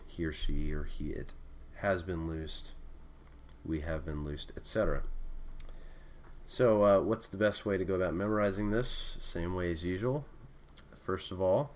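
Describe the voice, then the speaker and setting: A Greek teacher with a low-pitched voice records a casual screen-capture lesson, thinking aloud as he writes. He sounds relaxed, using fillers and correcting himself along the way. There's slight background noise.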